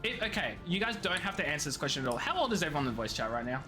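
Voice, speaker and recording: A man, chatting casually while streaming a game, excitable and quick to laugh. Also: a little high, over loud music. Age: 20s. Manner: excitable, laughs often, rambling restarts. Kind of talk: casual gameplay chat.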